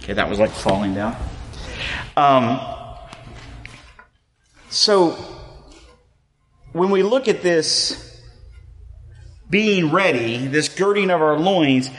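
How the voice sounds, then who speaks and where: A man preaching a sermon as a pastor in a relaxed, conversational way, joking at his own expense and using lots of fillers. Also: a little high, slow pace, pauses often. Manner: conversational, self-deprecating, many fillers. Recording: long reverb of a hall.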